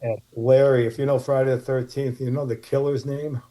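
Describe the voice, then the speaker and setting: A man's voice: medium pitch, flat delivery, a little fast, mellow. A man, a guest telling casual, rambling anecdotes and acting out the voices of people in them. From Martha's Vineyard, USA. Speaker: podcast guest, former child actor. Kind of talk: casual storytelling interview.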